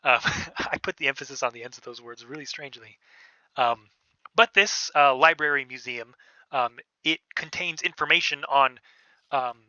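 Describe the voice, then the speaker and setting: Game master, male, bright tense voice, dry dull lo-fi sound, halting casual narration. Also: medium pitch, no room sound. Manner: casual, hesitant with many fillers. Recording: dull, lo-fi podcast audio.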